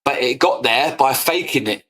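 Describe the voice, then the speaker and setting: A man's voice: medium pitch, expressive, moderate pace, a bit bright, low-quality recording. A young man, ranting heatedly to his stream audience, swearing and repeating his points. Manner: combative, swearing, repetitive. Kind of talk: heated casual rant.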